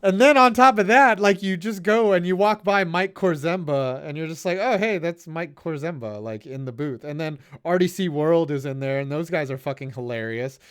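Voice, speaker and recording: A man hosting a casual sports stream, talking loosely and profanely and often trailing off into low mumbles. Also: moderate pace, hardly any pauses, a bit bright, clean tone. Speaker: stream host reading viewer donations.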